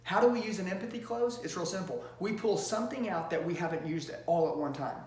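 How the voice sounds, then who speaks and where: A high-voiced man coaches salespeople with loud, emphatic energy, pushing his points hard. His voice rings in a roomy, echoing space. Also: animated, fast. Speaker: sales trainer. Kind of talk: motivational sales training talk. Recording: roomy echo.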